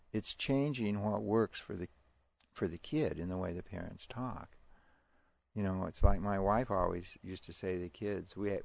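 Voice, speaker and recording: A middle-aged man, a parenting educator, answering interview questions in a halting way, with restarts and chuckles. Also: deep voice, creaky, a little mellow. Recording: dry, muffled lo-fi recording.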